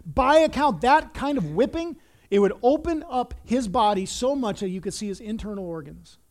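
A man with a high-pitched voice preaches to his congregation. He reads scripture aloud and explains it in an earnest, animated way, often restarting his sentences as he builds intensity. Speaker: pastor. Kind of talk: sermon.

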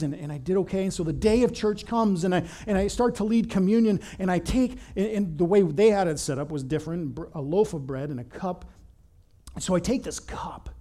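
Man, pastor, conversational sermon, fairly high voice, lively storytelling, repeated words. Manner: animated storytelling, repeats words when starting sentences.

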